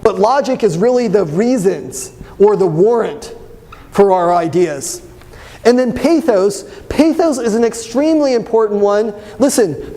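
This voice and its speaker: A young man teaching a debate class, lively and constantly asking his students questions. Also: high voice. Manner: animated, asks the class questions. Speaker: debate instructor. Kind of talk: classroom lecture.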